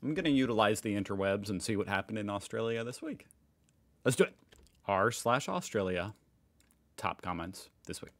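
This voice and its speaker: An American man with a fairly low, animated voice speaks at normal speed. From a home room in Indiana, he hosts a casual reaction video, reading online posts aloud and tossing in amused, chatty comments.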